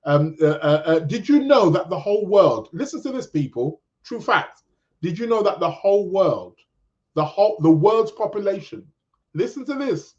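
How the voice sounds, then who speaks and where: A British man hosts a podcast as a loose, rambling live chat, reading out viewer comments. His voice sits a little high. The recording sounds dull and lo-fi. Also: very animated, normal speed, darkish tone. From England. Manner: rambling, many restarts, chatty. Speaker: podcast host.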